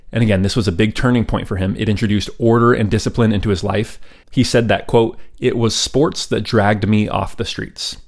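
A man with a fairly low voice hosts a history podcast. He tells the story in a loose, conversational way, pausing for ums and friendly asides. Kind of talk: casual storytelling narration.

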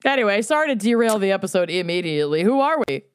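A woman's voice: medium pitch, sing-song, quick pace, clear, resonant tone, no room sound. A woman co-hosting a casual podcast, telling stories animatedly and swearing casually. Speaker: podcast co-host. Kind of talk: casual chat.

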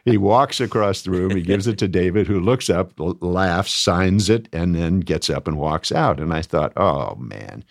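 A man telling a backstage anecdote as a podcast guest, animated and often laughing as he talks. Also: sits low, moderate pace, hardly any pauses, no echo, clean studio sound. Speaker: guest, former cast member. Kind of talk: anecdote storytelling.

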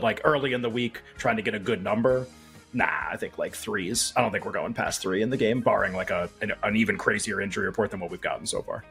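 Lowish guy breaking down betting lines, measured and chill. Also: gravelly, a bit bright. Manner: measured, analytical, hedging with fillers. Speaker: sports betting podcast co-host. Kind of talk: casual chat.

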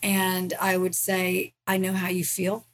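A woman's voice: on the low side, completely flat delivery, unhurried. A middle-aged woman, a ministry founder, telling her personal faith story as a guest in a podcast interview, earnest and emotional.

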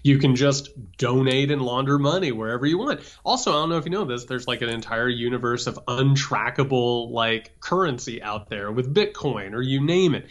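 A man's voice: mid-range voice, expressive, normal speed, few pauses, muffled recording. A man co-hosting a political podcast, ranting emphatically with stammered restarts. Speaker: podcast co-host. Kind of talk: political commentary chat.

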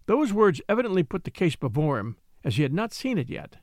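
A man reading a classic novel aloud as an audiobook narrator, in measured storytelling. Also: sits high, big pitch swings, darkish tone, dry recording, studio quality. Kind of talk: scripted narration.

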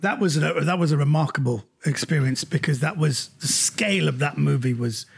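A middle-aged man telling anecdotes in a chat over a video call from home, animated and laughing as he acts out the people in his stories. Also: on the high side, a little fast, creaky, breathy edge. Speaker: guest.

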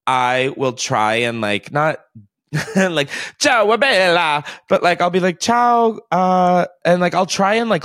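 A man hosting a podcast in casual chat, animated and profane, often laughing at himself. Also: medium pitch, smooth, no echo, clean studio sound. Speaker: podcast host.

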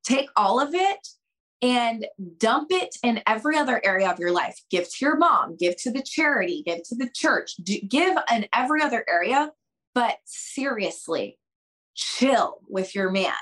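Woman on a podcast giving dating advice, super emphatic, talks right to "you guys", acts out little convos with her voice jumping way up. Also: poor audio. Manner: animated, acts out dialogue with big pitch jumps; shifts between quick bursts and slow, drawn-out emphasis. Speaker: podcast guest, dating coach.

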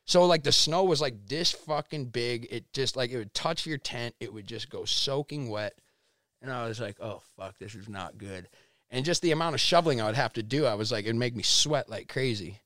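A man of middle pitch tells a long story as a podcast guest, animated and swearing at every turn. He slips into acted-out voices for what he and others said. The sound is close and dry, with no room around it. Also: fairly quick, dry recording. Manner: animated, swears constantly, acts out quotes. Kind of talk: casual storytelling interview.

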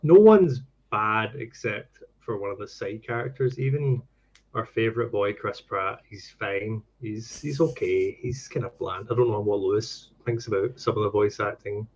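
A man's voice: fairly low pitch, moderate pace, slight background noise. A man co-hosting a casual podcast chat, opinionated and full of fillers. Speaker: podcast co-host. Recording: dull lo-fi mic.

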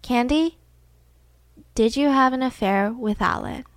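A woman's voice: fairly high pitch, measured pace, no echo, lightly acted. A woman voicing an overwhelmed, distracted young mother who talks in a weary, rambling way. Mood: calm.

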